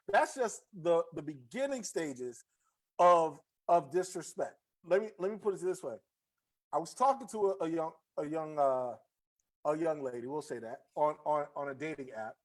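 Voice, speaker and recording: A man hosting a casual podcast chat, slangy and talkative, often repeating his words as he tells a story. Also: high-pitched. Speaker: podcast host.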